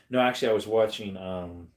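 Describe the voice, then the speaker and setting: A man chatting casually on a livestream, rambling to his viewers and breaking into high baby talk with his dog.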